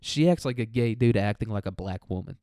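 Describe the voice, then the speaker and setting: A man's voice: lowish voice, a little fast, warm tone, no echo, studio quality. Rambling, crude young man. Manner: rambling, crude, laughs a lot. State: mentally tired. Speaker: student podcaster. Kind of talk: casual solo podcast monologue.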